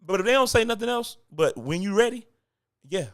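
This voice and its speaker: A man's voice: sits high, animated, brisk. Man coaching actors, casual and emphatic. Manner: conversational, repeats points for emphasis, chuckles between lines. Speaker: acting coach. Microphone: close microphone.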